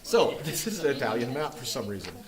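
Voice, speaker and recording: A man's voice: mid-range voice, big pitch swings, quick pace, crowd noise, poor audio. A man leading a Bible study group, teaching from a map in a playful, joking way. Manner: jokey and playful, often laughing. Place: church meeting room.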